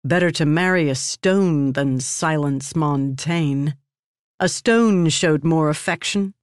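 A woman narrating a fantasy story in a measured, even way. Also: sits low, no echo, studio quality.

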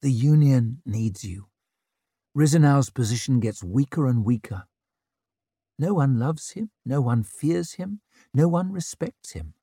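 A man's voice: medium pitch, lively intonation, unhurried, mellow, breathy edge, no echo, clean studio sound. A man voicing a poised, scheming young noblewoman and mother who coos sweetly and talks politics coolly. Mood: cool persuasive. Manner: sweet, cooing, then cutting and political.

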